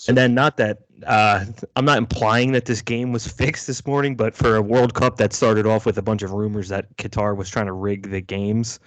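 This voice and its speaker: A man's voice: lowish voice, fairly even intonation, moderate pace, hardly any pauses, no room sound, low-quality recording. Laid-back wry man on a podcast. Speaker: podcast co-host. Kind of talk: casual podcast chat.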